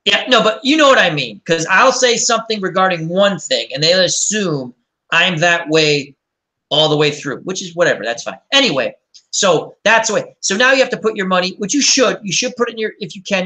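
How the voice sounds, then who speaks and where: A man's voice: high-pitched, pushed and bright. A man hosting a casual chat and telling rambling, anecdotal stories. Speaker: host.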